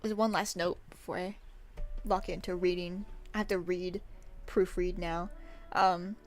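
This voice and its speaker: A woman streamer chatting casually to her viewers on a work-along stream, bubbly and quick to giggle. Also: on the low side, flat delivery, soft background music.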